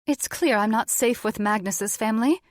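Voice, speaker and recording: A woman voicing a sultry, scheming female djinn who bargains haughtily, pitched well above her own voice. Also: normal speed, dry recording, studio quality, close to an everyday voice. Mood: haughty.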